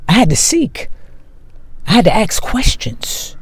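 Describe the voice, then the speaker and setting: A man giving a slow, emphatic spiritual monologue to his viewers, repeating key phrases for weight. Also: sits high, sing-song, slightly rough. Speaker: spiritual video host.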